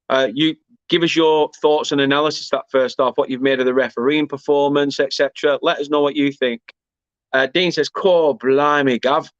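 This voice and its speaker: A man's voice: mid-range voice, no room sound, highs cut off. A man hosts a football fan watchalong, reading viewer comments aloud and chatting casually in a rambling, self-deprecating way.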